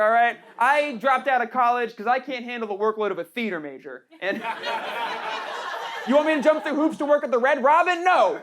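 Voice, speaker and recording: A young trans woman doing a sarcastic, punchy stand-up comedy set on a small club stage. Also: on the high side. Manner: brash, sarcastic, punchy delivery with frequent "right?" tags. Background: audience laughter.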